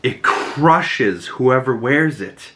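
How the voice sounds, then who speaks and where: A man putting on a weary ghost of an old king, quoted as the host retells a TV scene. he sounds tired, then presses his questions, and his voice stays bright and forceful. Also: mid-range voice, expressive, very slow, full character voice. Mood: haunting.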